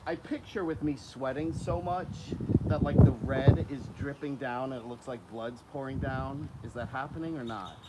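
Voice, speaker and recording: At medium pitch and normal speed with few pauses, this alligator keeper and channel host chats casually for his vlog while feeding the animals outdoors. He's animated, calling to the alligators in a coaxing voice, and wind makes the outdoor recording noisy.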